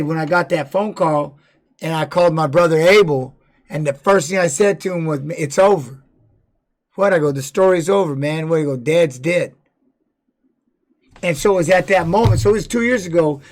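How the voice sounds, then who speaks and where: A man with a high voice talks on a livestream in a loose, rambling way, swearing freely. He shifts between commenting on a fight and telling candid stories from his own life. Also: normal speed. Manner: candid personal storytelling. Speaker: streamer and former fighter. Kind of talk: casual livestream chat.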